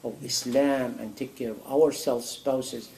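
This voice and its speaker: A man giving a sermon in a mosque, animated and full of rhetorical questions. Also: medium pitch, measured pace, creaky, poor audio. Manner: animated, acts out a dialogue with God, rhetorical questions. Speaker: imam answering a question. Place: mosque hall.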